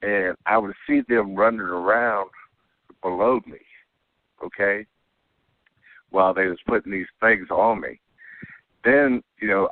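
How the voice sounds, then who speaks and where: A man's voice: lowish voice, no echo. A man calling in to tell a rambling first-person story, often checking in with "okay?" and "you know". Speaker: caller telling an abduction story. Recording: tinny phone line, dry.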